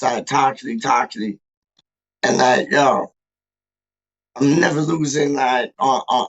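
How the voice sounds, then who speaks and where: A man's voice: medium pitch, vocal fry, low-quality recording. A man hosting a casual fan livestream, rambling hype talk packed with street slang. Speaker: fan channel host.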